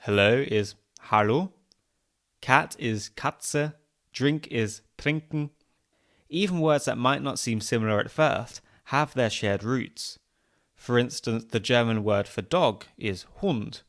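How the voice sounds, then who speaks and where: A man hosting a podcast, reading scripted narration in a clear, measured way with light humour. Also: medium pitch, a bit bright. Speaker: podcast host.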